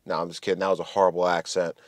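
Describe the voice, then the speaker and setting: Low-voiced man rambling over gameplay. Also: racing, dry recording. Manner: rambling, relaxed, many fillers. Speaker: gaming commentator. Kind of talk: casual gameplay commentary.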